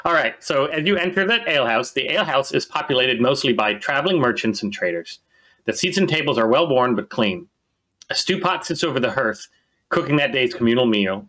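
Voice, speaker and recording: A man's voice: mid-range voice, expressive, a little fast, pushed and bright. A man narrating as game master of a tabletop game, in a casual, rambling way full of fillers.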